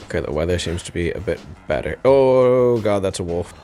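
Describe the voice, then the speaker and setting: Deep-voiced male gamer talking through his play, wry and profane. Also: fairly even intonation, fast, darkish tone, faint music behind. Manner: wry, swears and laughs often. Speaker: game commentator. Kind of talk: casual gameplay commentary.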